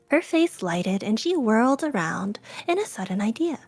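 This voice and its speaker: A woman reading a spooky story aloud, narrating in a soft, often whispery voice. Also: on the high side, sing-song, moderate pace, few pauses, breathy edge.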